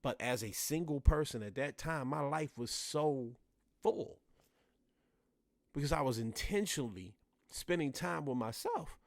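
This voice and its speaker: A man's voice: medium pitch, animated, a little slow, creaky, no room sound, clean studio sound. A man with a Washington DC accent hosting a solo podcast. He talks straight to his listeners and repeats phrases for emphasis. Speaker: podcast host.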